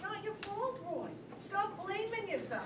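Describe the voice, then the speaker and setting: A woman's voice: very high voice, sing-song, a little slow, exaggerated voice. An actress playing a flustered, snappy middle-aged mother of the bride on stage, heard from a distance in an echoey room with background noise. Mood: weary. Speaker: stage actor. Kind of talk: stage play performance.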